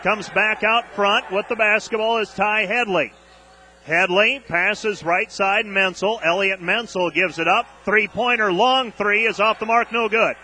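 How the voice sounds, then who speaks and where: A man calling a college basketball game on radio, rattling off play-by-play and getting loud on big plays, openly exasperated with the officiating. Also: high voice, measured pace, slight background noise.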